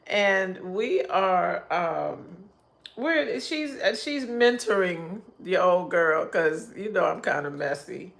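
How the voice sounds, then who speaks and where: A woman's voice: fairly low pitch, expressive, slow, vocal fry. A middle-aged woman hosting a casual livestream, chatting in a rambling way and laughing often. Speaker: livestream host.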